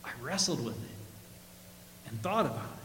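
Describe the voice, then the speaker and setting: A man's voice: medium pitch, very animated, a little slow, fairly bright tone, a little hiss or hum. A male pastor giving a chatty sermon with humorous stories, laughing at his own jokes, in a church. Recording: echoey church hall.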